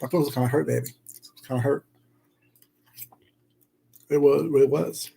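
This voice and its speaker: A man's voice: mid-range voice, fairly even intonation, unhurried, gravelly, mellow, husky, rough recording. A man live-streaming himself eating, chatting casually and greeting viewers in the chat with pet names like "baby" and "sweetheart".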